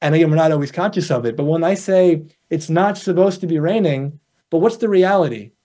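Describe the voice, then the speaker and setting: Coach guy telling little stories, acts out the voices, kinda high voice. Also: a little fast. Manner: animated storyteller acting out little dialogues. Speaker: guest coach. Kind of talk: conversational interview.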